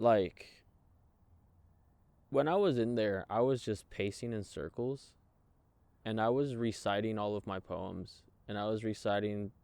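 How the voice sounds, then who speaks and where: A man, a guest in an interview, telling his own story in a raw, emotional way, swearing freely and halting often. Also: on the low side, a little mellow, clear, resonant tone, dry recording. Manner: halting, many fillers and restarts. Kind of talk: candid personal storytelling.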